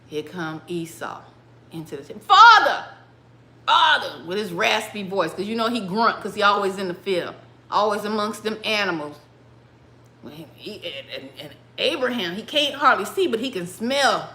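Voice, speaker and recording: A woman hosting a livestream, casually retelling a Bible story with animated laughter and bursts of song, recorded in an echoey room. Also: medium pitch, moderate pace. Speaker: livestream host.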